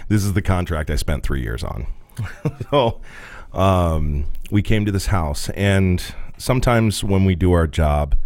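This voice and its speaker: Deep and darkish in tone, this man's voice carries no echo as he co-hosts a podcast. He's from the rural US Midwest and recounts a work story in a laid-back, profane manner, laughing as he goes.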